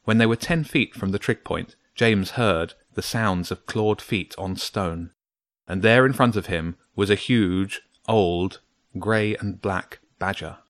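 Male storybook narrator, lower voice, dry close sound, measured and steady. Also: no echo.

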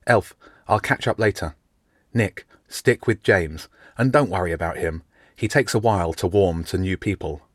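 A man reading an audiobook, voicing a kind, sporty teenage schoolgirl who talks in a friendly, quick way. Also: sits low, husky, no echo, studio quality.

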